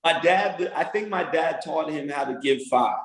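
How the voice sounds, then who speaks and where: A man talking as a podcast guest, an animated storyteller who does voices and laughs often in casual interview chat. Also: on the high side, normal speed, echoey room, rough recording. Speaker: podcast guest, music producer and manager.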